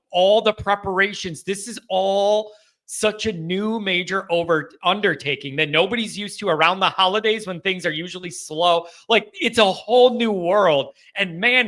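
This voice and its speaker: A man's voice: high voice, pushed and bright. A man hosting a live sports call-in show, chatting casually with callers and laughing easily.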